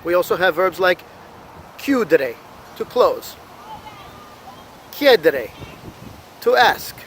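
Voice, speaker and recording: An American man teaching an Italian lesson, slowly and carefully sounding out each verb form for learners. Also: high voice, a bit bright, slight background noise, rough recording. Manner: slow, careful modeling of Italian words. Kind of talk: language lesson.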